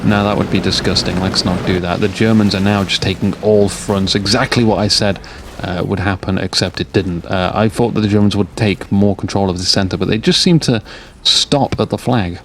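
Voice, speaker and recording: Man, low-ish voice, tired, rambling, jokey game commentary, gunfire and vehicle noise behind. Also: steady tone, normal speed. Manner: rambling, jokey, drifts off topic. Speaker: game caster. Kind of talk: sleepy late-night game commentary. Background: game sounds of gunfire and vehicles.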